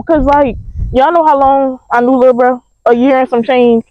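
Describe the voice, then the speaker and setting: A young woman, telling a storytime to her viewers in an animated, slangy way. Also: high voice, fast talker. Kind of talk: casual storytime vlog. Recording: dry, slightly dull mic sound.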